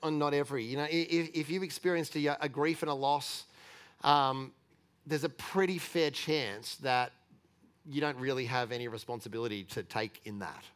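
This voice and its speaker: A man's voice: medium pitch, normal speed, a bit bright, clean tone. A middle-aged man preaching in a chatty, candid way, telling personal stories with light laughs and restarts. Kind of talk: conversational sermon storytelling.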